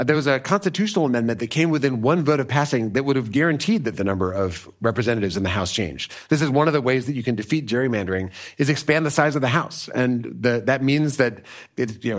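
A man from the United States, an author being interviewed, explaining ideas in an emphatic, animated way. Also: medium pitch. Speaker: author and guest. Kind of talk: political interview.

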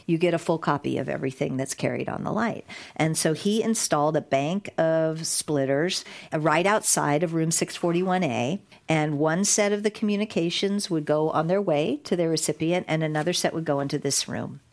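Woman, low voice, interview guest, animated storyteller, restarts often. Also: normal speed, gravelly. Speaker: guest, digital rights advocate. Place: recorded in San Francisco.

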